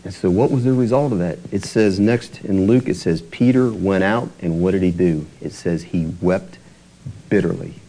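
A man's voice: deep voice, moderate pace, mellow, a little hiss or hum, rough recording. A male pastor delivering a conversational sermon, often checking in with his listeners through rhetorical questions.

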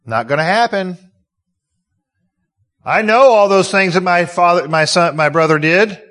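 A preacher playing a sulky resentful older brother. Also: male voice, sits high, unhurried, fairly bright tone. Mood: indignant. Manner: stubborn, indignant refusals.

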